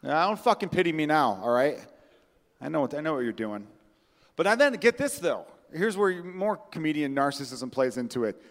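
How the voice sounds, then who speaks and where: A man with a fairly high, sing-song, brisk voice hosts a comedy podcast, chatting casually and cracking wry, profane jokes at his own expense. Friends are with him in the room, and the recording carries a long hall reverb.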